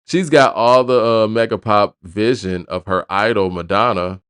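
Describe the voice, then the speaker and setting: A man's voice: lowish voice, moderate pace, fairly bright tone, clear, resonant tone, no echo, clean studio sound. A man hosting a hip hop news show, reading an album review aloud and breaking off into casual asides.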